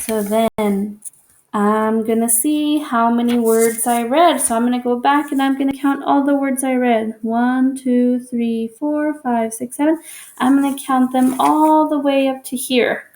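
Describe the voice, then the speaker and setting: A woman teacher walks young children through a homework assignment with patience and encouragement. Her voice sits a little high and carries a gravelly fry, and she repeats each instruction slowly so no one gets lost. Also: steady tone, a little mellow, slight background noise. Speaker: elementary school teacher.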